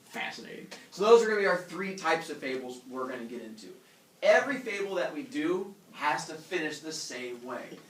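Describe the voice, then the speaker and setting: This young male teacher's voice sits a little high and sounds fairly bright, animated and brisk as he jokes his way through a lesson. He acts out animal characters in funny voices, weaving playful stories into the lecture. Picked up from far off in an echoey classroom, the audio carries a little hiss or hum.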